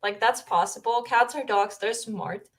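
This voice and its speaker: A woman's voice: fairly high pitch, a little slow, a bit bright. A young woman from Finland chats casually on her livestream from home. She rambles and giggles, talking straight into a desk microphone. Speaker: streamer host.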